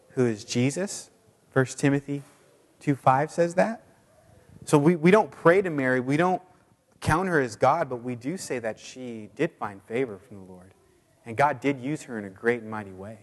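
A man preaching a sermon in a casual, chatty way with many fillers, now and then putting on high squeaky voices for quotes. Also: in a large hall. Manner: puts on high squeaky voices when quoting people. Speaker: pastor.

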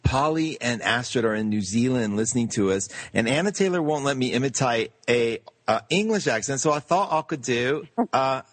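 Effusive husky-voiced male radio host. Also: medium pitch, moderate pace, hardly any pauses, no echo. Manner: effusive, animated, interrupts playfully. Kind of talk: casual radio interview.

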